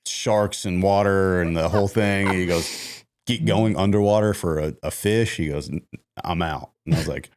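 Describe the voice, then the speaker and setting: A man, a music manager, telling lively stories in a casual podcast chat, acting out what others said. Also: sits low, moderate pace, noisy background. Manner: animated storyteller acting out quotes.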